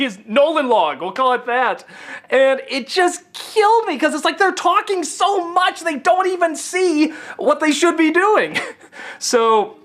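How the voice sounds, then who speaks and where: A man giving a casual, profane film review rant, stammering and sarcastic, often getting excited. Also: very high-pitched, moderate pace. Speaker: film critic.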